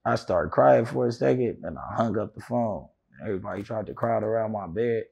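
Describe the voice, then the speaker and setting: Man, gravelly voice, interview guest, animated storytelling, heavy slang. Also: lowish voice, brisk, highs cut off.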